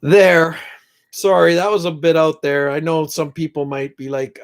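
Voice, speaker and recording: A middle-aged man hosts a casual livestream, his voice on the high side with a clear, resonant tone but a flat delivery. He chats with viewers slowly and ramblingly, reads their comments, gets emotional, and prays aloud with them.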